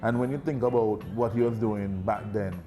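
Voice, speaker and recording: A man talking casually as an interview guest, relaxed, full of fillers, and quick to laugh. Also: lowish voice, over music.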